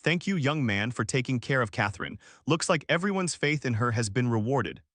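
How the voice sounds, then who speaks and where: A man's voice: mid-range voice, animated, a little fast, a bit bright, no echo, clean studio sound. A man voicing a stern, wealthy middle-aged father who talks in a cold, controlling way.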